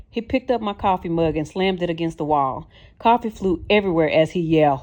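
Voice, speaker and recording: A woman's voice: sits low, a little fast, a little mellow. Woman narrating a memoir audiobook. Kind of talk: first-person memoir narration.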